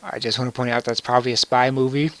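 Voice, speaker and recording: A man's voice: mid-range voice, fairly even intonation, fast talker, a bit bright, no echo. Joking young man commenting on a game. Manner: joking, wry, laughs often. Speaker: let's play commentator.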